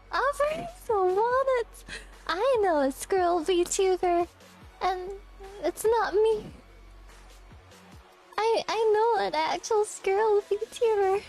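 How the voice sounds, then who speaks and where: A young adult woman streamer with a very high, childlike voice chats casually and giggles often as she teases back at her chat. She speaks at an unhurried pace, with faint music playing behind her. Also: darkish tone. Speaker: VTuber streamer.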